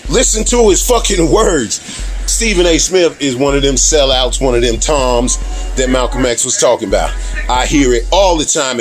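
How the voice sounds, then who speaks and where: A man talking straight to camera in a heated, profane monologue, laughing between his points. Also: fairly high pitch. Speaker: video diarist. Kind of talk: casual ranting monologue.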